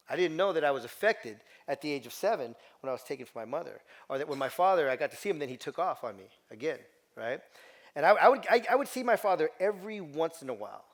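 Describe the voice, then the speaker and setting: A middle-aged man giving a motivational talk to a group, telling a personal story in an emphatic way and repeating phrases. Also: a little high. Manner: emphatic, repetitive storytelling with quoted voices. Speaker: motivational speaker.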